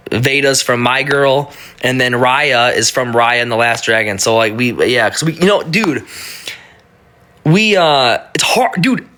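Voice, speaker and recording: A man's voice: medium pitch, pushed and bright. A man in his thirties talking casually on a live stream, blunt and profane, often stumbling and restarting his sentences.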